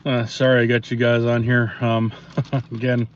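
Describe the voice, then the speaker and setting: A man chatting casually with viewers on a live stream, relaxed and rambling, with many pauses and fillers, recorded on a phone outdoors. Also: medium pitch. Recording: dull lo-fi phone audio, faint noise.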